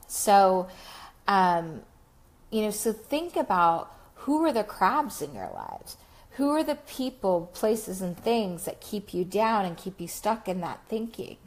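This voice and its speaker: A woman life coach talking on a Facebook Live, reflective and slow, with many fillers. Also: medium pitch, darkish tone.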